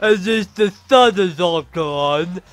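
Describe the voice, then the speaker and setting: A man voicing an odd young woman in a daze in a video game, with a heavy lisp and a slow, dreamy way of talking. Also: high-pitched, a bit bright. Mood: dazed.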